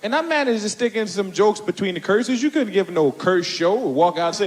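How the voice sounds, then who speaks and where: A man doing a stand-up routine, telling a story with animated, profane indignation. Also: high voice, a little fast, few pauses, slight background noise. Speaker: stand-up comedian. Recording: live stand-up show in a large hall.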